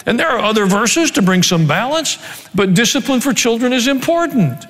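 A man preaching a sermon as pastor, reading scripture and adding dry joking asides in an animated way. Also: very high-pitched, moderate pace. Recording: long hall reverb.

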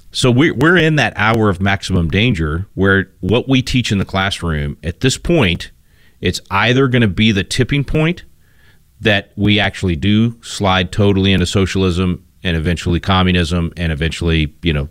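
A man's voice: deep voice, a bit bright, no room sound, studio quality. A man hosting a radio talk show, speaking casually with frequent restarts and fillers. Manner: rambling, many restarts and fillers.

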